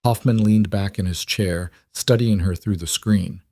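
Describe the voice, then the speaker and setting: Low-voiced male story narrator. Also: unhurried, warm tone, no echo, clean studio sound. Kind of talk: scripted narration.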